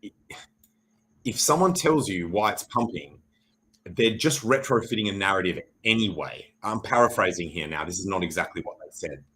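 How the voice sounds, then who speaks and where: A man's voice: deep voice, lively intonation, moderate pace, a bit bright, rough recording. An Australian man hosting a livestream, talking through crypto charts in a rambling, jokey and profane way. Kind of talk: casual livestream chart commentary.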